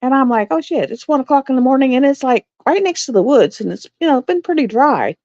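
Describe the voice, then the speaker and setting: A woman's voice: high-pitched, lively intonation, quick pace, darkish tone, dry recording. A middle-aged woman, telling a rambling story to her live stream viewers and laughing often. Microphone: phone or webcam on a live stream. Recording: dull, slightly lo-fi stream audio.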